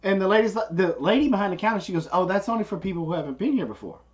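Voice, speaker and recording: A man's voice: high voice, racing, highs cut off. A man telling a story in casual chat, acting out the people he quotes. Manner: animated, acts out the people he quotes. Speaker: co-host.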